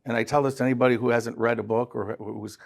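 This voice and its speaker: A man speaking as a podcast guest, telling his story in a direct, brisk way. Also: medium pitch, fairly even intonation, gravelly. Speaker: guest, company president. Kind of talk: casual podcast conversation.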